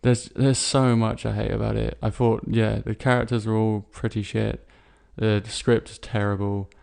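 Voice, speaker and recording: A young man co-hosting a casual podcast chat, talking bluntly and cursing freely as he tears into a film. His voice sits on the low side and has a gravelly edge to it. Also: normal speed. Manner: blunt, swears freely, animated when ranting. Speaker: podcast co-host.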